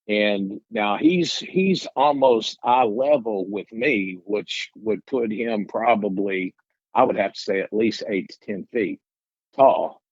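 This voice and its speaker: A man's voice: fairly low pitch, no room sound, dull audio. A middle-aged man from Arkansas, telling his story in a rambling, folksy way with restarts. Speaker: guest telling his encounter. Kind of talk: casual storytelling interview.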